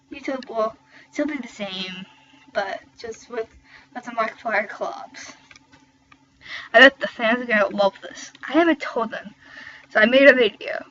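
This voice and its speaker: A woman's voice: on the high side, pushed and bright, muffled recording, slight background noise. A teenage girl reading fan fiction aloud with giggly, chatty asides. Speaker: reader.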